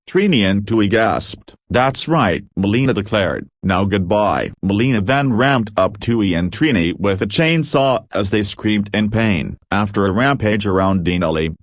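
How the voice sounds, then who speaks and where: Low-voiced man reading a fan story. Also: no echo, studio quality. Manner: flat reading with stumbles, reads punctuation aloud. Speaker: narrator. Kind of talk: amateur creepypasta reading with all character lines.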